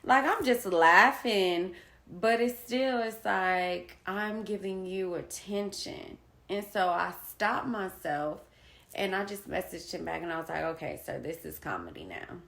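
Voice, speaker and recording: This woman talks slowly at a medium pitch, her voice creaky and a bit bright, in an echoey room. As a vlogger sharing her own experience, she tells viewers her co-parenting story casually, performing the quoted exchanges as she goes.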